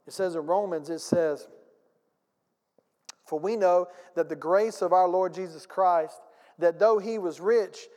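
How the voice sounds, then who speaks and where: A man preaches from the pulpit with a notably high-pitched voice, pushing hard on key lines and having the congregation repeat phrases back to him. His voice trails into a long reverberant tail that fills the church sanctuary. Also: darkish tone. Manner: emphatic preaching with audience call-and-response and acted-out anecdotes. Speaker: pastor. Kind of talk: sermon.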